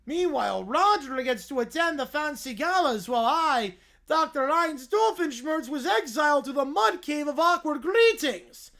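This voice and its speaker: A woman's voice: high voice, lively intonation, normal speed, vocal fry, a bit bright, voice pushed up, heavily acted. A woman voicing a scheming middle-aged male mad scientist in a theatrical villain monologue. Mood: grandiose.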